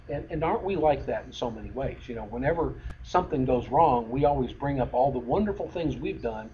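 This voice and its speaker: A man's voice: mid-range voice, animated, fairly quick, few pauses, mellow. A middle-aged man preaching a sermon in a conversational way, full of fillers and restarts. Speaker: pastor. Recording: dull lo-fi sound with faint noise.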